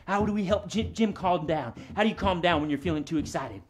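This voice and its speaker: A man's voice: high-pitched, a little fast, hardly any pauses. Chatty man hosting a children's show. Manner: chatty and encouraging, talks to kids directly. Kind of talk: friendly children's show patter.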